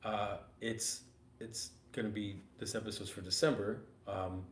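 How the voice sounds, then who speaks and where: Still a bit hoarse from recently losing his voice, this lowish-voiced man hosts a podcast in an unhurried, relaxed chat, rambling along with plenty of fillers. The setting sounds like a spacious art supply store doubling as a working studio, a faint hum of ambience in the background.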